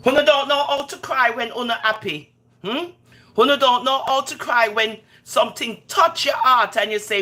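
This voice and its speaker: A Jamaican woman hosting a live stream, chatting casually and scolding her viewers in patois. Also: normal speed. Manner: animated, scolds viewers in patois, swooping pitch. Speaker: livestream host.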